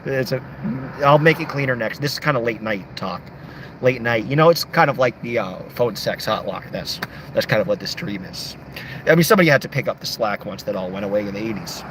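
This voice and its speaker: A man's voice: fairly low pitch, animated, fairly quick, background noise. A young man livestreaming late at night, reading chat comments aloud and joking around. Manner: joking, playful, reads comments aloud in shifting voices.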